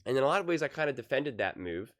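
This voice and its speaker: A man's voice: sing-song, fast talker. A man giving casual solo sports commentary, rambling with many restarts and growing more heated as he goes. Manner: rambling, many restarts, grows louder and higher when heated.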